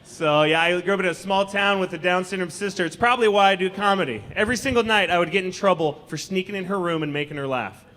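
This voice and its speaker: A man performing a stand-up comedy set on a comedy club stage, talking in an animated, conversational, mocking way. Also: high voice, quick pace, few pauses, a little hiss or hum.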